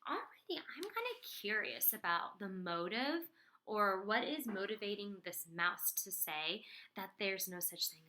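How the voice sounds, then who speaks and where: A young woman teaching first grade, explaining a reading lesson in a clear, encouraging way. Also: medium pitch, pushed and bright.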